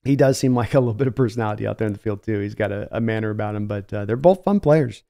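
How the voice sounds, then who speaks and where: Mellow-voiced man hosting a live stream. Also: fairly low pitch, rapid-fire, vocal fry. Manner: thinks aloud, reading and answering viewer comments. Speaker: podcast host. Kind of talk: casual live-stream chat.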